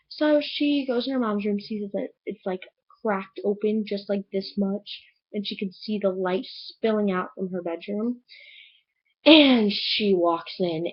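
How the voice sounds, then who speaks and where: A woman's voice: medium pitch, breathy edge, highs cut off. A young woman in a casual book review vlog, chattily retelling a plot with lots of "like". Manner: gushing, chatty retelling with many "like"s.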